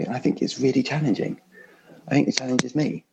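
A man's voice: mid-range voice, expressive, fast talker, creaky, darkish tone, breathy edge, poor audio. A man preaching a sermon from home in an earnest, conversational way. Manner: earnest, repeats "actually" often.

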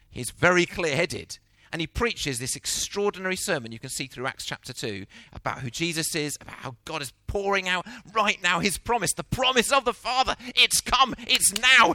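A middle-aged man preaching a sermon, telling the story with lively acted-out voices. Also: high-pitched, no room sound. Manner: animated storytelling, acting out quotes.

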